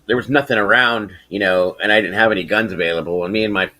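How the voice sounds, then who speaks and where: A middle-aged man hosting a casual podcast, telling a rambling, profane story and getting animated when he quotes people. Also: lowish voice, fast. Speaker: podcast host.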